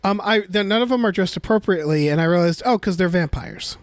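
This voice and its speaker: A man's voice: high voice, fast talker, no echo. A man co-hosting a podcast in casual chat, rambling and acting out quotes from a film. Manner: rambling, animated, acts out quotes. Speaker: podcast co-host.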